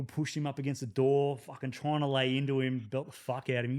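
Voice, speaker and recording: An Australian man tells an old army yarn in casual podcast chat. His voice sits at an ordinary middle pitch, and he swears constantly and laughs often as he tells the story. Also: brisk, few pauses. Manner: profane, animated storytelling with laughs. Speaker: podcast guest.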